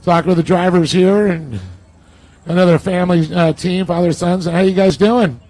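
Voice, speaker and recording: A man hosting a live outdoor race event, interviewing drivers in an energetic, hyped manner and cheering them on. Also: high-pitched, normal speed, low-quality recording.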